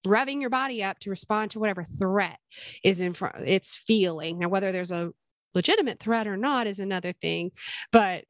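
A middle-aged woman talking in an earnest, gentle and explanatory way as a guest in a casual conversation. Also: mid-range voice, a little fast, no room sound. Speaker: guest sharing her faith and experience with anxiety.

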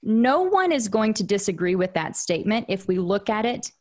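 A woman's voice: medium pitch, sing-song, normal speed, darkish tone. Reflective woman hosting a faith podcast. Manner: reflective, frequent restarts and fillers. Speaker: podcast host. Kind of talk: casual interview conversation.

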